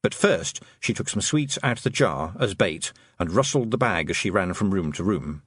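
Husky male audiobook narrator. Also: deep voice, moderate pace, no room sound, clean studio sound. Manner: lively, expressive storytelling.

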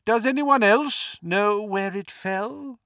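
A man voicing a kindly, wise old male headmaster who speaks with gentle approval in an audiobook. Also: high-pitched, slow, dry recording, studio quality, voice pushed up, exaggerated voice. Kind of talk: audiobook character voice.

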